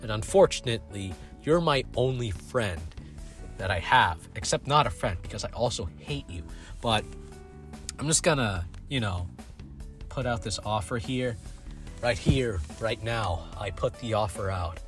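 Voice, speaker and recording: A man's voice: fairly low pitch, lively intonation, a little slow, fairly bright tone, faint music behind. A man voicing a smug, scheming young male detective, talking casually in close to his own voice.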